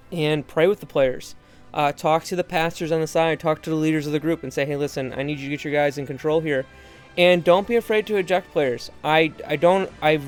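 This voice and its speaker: Earnest man coaching referees, smooth voice. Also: on the high side. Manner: earnest, conversational, many restarts and asides. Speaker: referee trainer. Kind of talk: instructional video commentary.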